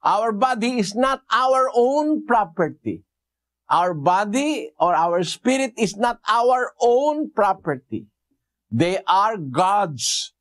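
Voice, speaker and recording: High-pitched guy preaching slow, lots of uhs and "no?" questions. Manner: slow, deliberate, with hesitant fillers and rhetorical questions. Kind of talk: bible exposition sermon.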